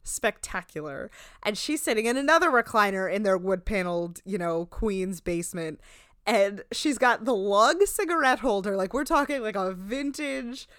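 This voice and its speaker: Young Jersey-accented woman, animated host, smooth voice, dry sound. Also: medium pitch, moderate pace, no echo. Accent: New Jersey. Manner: animated, laughing, profane. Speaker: podcast host. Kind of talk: casual recap chat.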